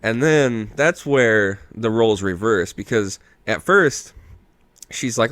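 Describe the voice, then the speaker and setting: A man's voice: fairly low pitch, lively intonation, slow pace, fairly bright tone, no room sound. A tipsy man hosting a podcast, rambling through a movie recap in casual chat and swearing freely. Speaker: podcast host.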